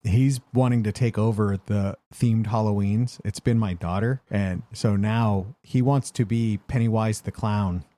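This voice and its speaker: A man's voice: lowish voice, fairly even intonation, measured pace, hardly any pauses, dark tone, dry recording. A man in his thirties co-hosting a podcast, chatting casually and telling jokey stories about his kids and dog. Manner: jokey, tells stories with quoted voices. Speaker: podcast co-host. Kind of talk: casual chat.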